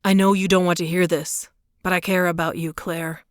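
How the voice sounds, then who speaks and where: A woman narrator voicing a protective young man in an audiobook, firm and soothing in her own lower voice. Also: flat delivery, normal speed, dry recording, clean studio sound, natural voice. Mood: insistent. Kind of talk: audiobook character reading.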